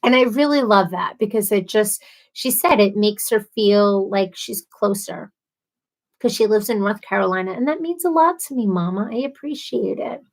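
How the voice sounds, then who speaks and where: A woman's voice: medium pitch, normal speed, low-quality recording. A woman hosting a casual livestream, reading viewer comments aloud and chatting in a bubbly, chatty way. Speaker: livestream host.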